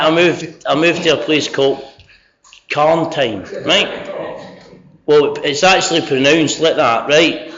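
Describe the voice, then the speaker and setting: A middle-aged Scottish man with a Scottish accent giving a candid, sweary, self-mocking personal share about recovery at a convention. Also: a little high. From Scotland. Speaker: speaker sharing recovery story at a convention. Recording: dull lo-fi convention recording.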